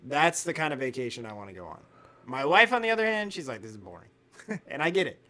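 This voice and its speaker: A man co-hosting a podcast in casual chat, telling animated stories, acting out quotes and swearing freely. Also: fairly high pitch, quick pace. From United States. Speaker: podcast co-host.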